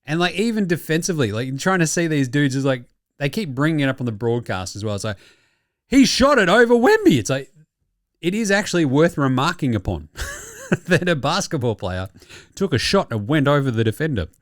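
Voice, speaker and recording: Brief: australian male podcast host, lively swooping delivery, dry close sound, cheeky and sweary. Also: mid-range voice, a little fast, no echo. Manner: animated, sweary, mock-outraged banter. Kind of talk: casual sports recap.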